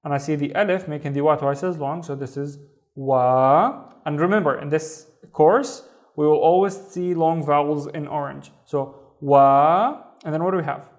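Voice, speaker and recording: A man's voice: a little high, steady tone, brisk, darkish tone. Patient man sounding out syllables. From Saudi Arabia. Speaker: Arabic teacher. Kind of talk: reading lesson.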